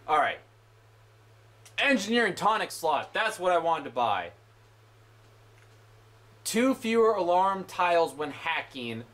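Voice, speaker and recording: A man's voice: fairly high pitch, sharp tone. A young man giving let's play commentary, swearing in exasperated outbursts. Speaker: gamer.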